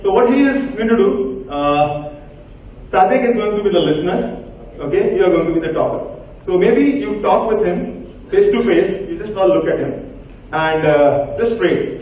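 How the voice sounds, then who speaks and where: Indian man speaking in an echoey hall. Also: high voice. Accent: Indian English. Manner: directs volunteers with short commands. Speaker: workshop speaker. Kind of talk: interactive workshop talk. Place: large hall with an audience. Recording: echoey hall, far from mic, tinny.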